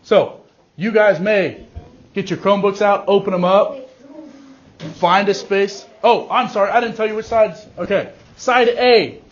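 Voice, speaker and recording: A male teacher giving a class directions, leaning on key words slowly for emphasis, recorded in a classroom. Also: high-pitched, dull audio. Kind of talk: classroom instruction.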